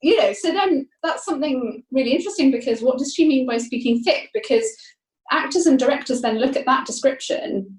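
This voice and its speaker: An academic woman guest talks through her ideas thoughtfully, restarting phrases as she goes. Her voice is slightly high, and the recording sounds roomy and echoey. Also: animated, fairly quick. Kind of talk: explanatory interview talk.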